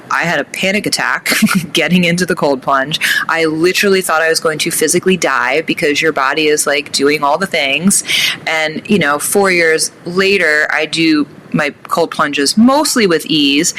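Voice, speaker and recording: A woman guest talking casually about breathwork in an interview, animated and emphatic. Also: slight background noise. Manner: animated, rising pitch on emphasis.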